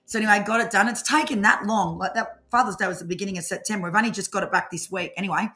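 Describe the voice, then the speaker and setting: A woman's voice: mid-range voice, very fast. Chatty woman, rambling. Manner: chatty, rambling, animated storytelling. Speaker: tarot reader co-host. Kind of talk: casual live-stream chat.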